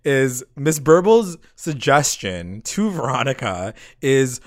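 A man's voice: mid-range voice, sing-song, slow. A man co-hosting a casual podcast, recapping a TV episode and acting out quoted lines in mocking voices. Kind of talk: casual chat.

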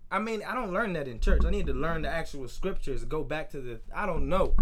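Young male solo podcaster, fed-up profane rant, lots of restarts, voice sits on the high side. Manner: profane, frustrated ranting with frequent restarts. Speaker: podcast host.

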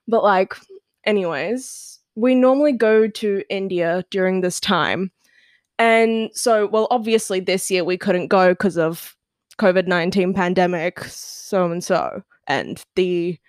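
A woman's voice: on the low side, dry recording, studio quality. A teenage girl from Australia hosting her own podcast, chatting casually, giggling often and filling her talk with "like". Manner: giggly, chatty, lots of "like" fillers. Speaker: podcast host. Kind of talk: casual solo podcast chat.

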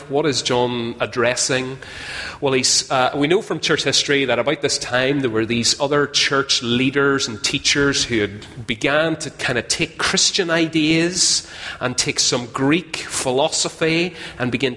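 A man's voice: mid-range voice, moderate pace, bright, forceful tone. A man preaching a sermon in a conversational, self-deprecating way, often putting questions to his listeners. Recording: long hall reverb, faint ambience.

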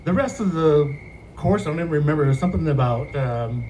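A man who works as a student affairs advisor, telling a personal story on a podcast in an animated way and laughing often. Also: a little high, fast talker, slight background noise, low-quality recording.

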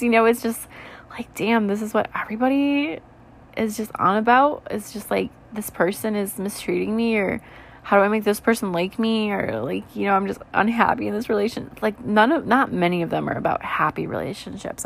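A tired woman in her twenties, rambling candidly in a soft, low voice during a late-night reflective vlog chat, with lots of "like" and "you know". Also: gravelly. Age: 20s. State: tired, yawning. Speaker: vlogger.

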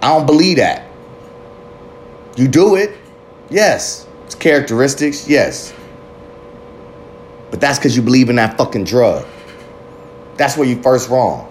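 A man of middle pitch delivers a swearing, passionate pep talk on recovery, full of tangents and blunt confessions. A faint hiss of background noise sits behind his voice. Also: very animated, a little slow, pauses often. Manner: fiery, swearing, rambling with tangents. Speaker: recovery motivational speaker. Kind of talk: profane motivational monologue.

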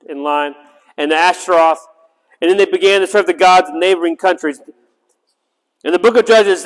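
A man teaching a Bible study, reading scripture aloud and breaking into chatty asides that end in "right?". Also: on the high side. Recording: long reverb in a hall.

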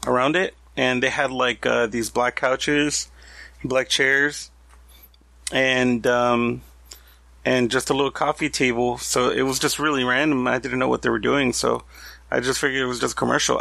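A man co-hosting a podcast in casual chat, telling stories in an animated, joking way. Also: medium pitch, gravelly, no echo. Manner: animated storyteller, jokey. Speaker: podcast co-host.

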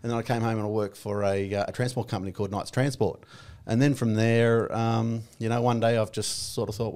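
A middle-aged Australian man, a podcast guest, talking in a relaxed and plainspoken way with lots of ums and uhs. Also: fairly low pitch, brisk, clear, resonant tone. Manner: relaxed, plainspoken, many fillers. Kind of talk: casual podcast interview.

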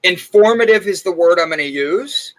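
A chatty male host tells rambling morning stories in a relaxed, casual way. His voice sits a bit high for a man and has a bright, forward edge. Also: moderate pace, poor audio. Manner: chatty and rambling, with many fillers. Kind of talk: casual chat.

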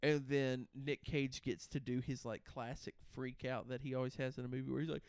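A man chatting casually about a movie, laughing often and acting out lines in loud comic voices. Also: mid-range voice, flat delivery, brisk, hardly any pauses, clean tone, dry recording, clean studio sound. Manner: laughs often, acts out quotes in a loud cartoonish voice.

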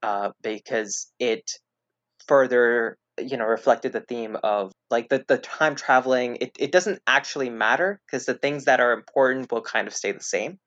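A man's voice: mid-range voice, moderate pace, a bit bright, no room sound. Rambling man on a dull, dry podcast mic. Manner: rambling, hesitant, full of restarts and fillers. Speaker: podcast guest. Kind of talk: casual podcast chat.

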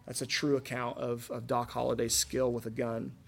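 A man in his thirties preaching a sermon, telling stories earnestly and asking his listeners rhetorical questions, shifting between loud and hushed. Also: mid-range voice, completely flat delivery, moderate pace, gravelly, breathy edge. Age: 30s. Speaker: pastor.

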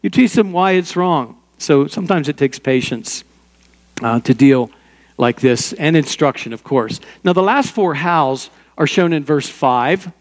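Older male pastor, slightly high voice. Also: animated, a little slow, in a large hall. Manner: conversational preaching with personal stories and self-correcting asides. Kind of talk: sermon.

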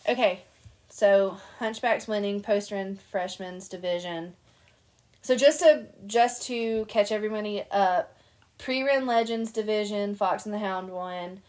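Animated young woman telling stories. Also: mid-range voice, a little slow. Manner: animated storyteller, laughs often. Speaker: podcast co-host. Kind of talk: casual chat.

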